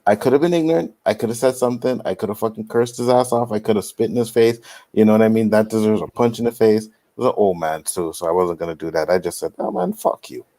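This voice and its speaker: A man's voice: lowish voice, fast, mellow. A man on a casual panel show, from Canada, telling a personal story with lots of "you know what I mean".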